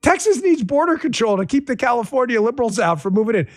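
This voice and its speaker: A man's voice: extremely high pitch, very animated, fast talker. A man hosting a political talk show, ranting sarcastically and repeating his punchlines for emphasis while talking straight to his audience and crew.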